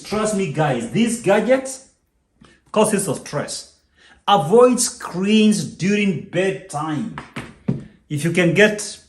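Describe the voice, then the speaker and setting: A man's voice: fairly high pitch, reverberant. A man hosting a business channel, giving a motivational talk to the camera, emphatic and preachy, repeating his key points.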